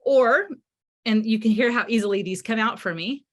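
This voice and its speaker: Fields: Sex: woman. Pitch: fairly high. Role: parenting expert guest. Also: normal speed. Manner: explains with examples, acting out parents' lines. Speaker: parenting author and psychotherapist guest. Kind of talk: conversational podcast interview.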